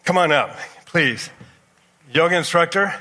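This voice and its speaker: A man's voice: fairly high pitch, unhurried, sharp tone. A man giving a live demonstration talk at an expo, coaching volunteers through exercises with energy. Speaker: expo presenter. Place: large expo hall. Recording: echoey hall from a distance.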